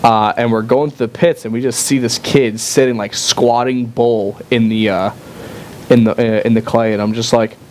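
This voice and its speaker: A man on a casual chat stream tells stories in a loose, rambling way and acts out what people said to him. His voice sits at an ordinary middle pitch. A faint rumble runs underneath the recording. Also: steady tone, normal speed, a little mellow. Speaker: podcast co-host. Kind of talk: casual chat, animated storytelling.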